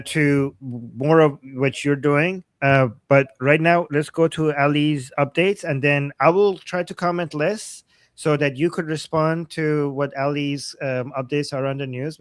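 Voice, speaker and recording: A man's voice: a little high, steady tone, unhurried, dry recording. A man hosting a live online news stream, talking casually with many fillers and restarts. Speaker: host.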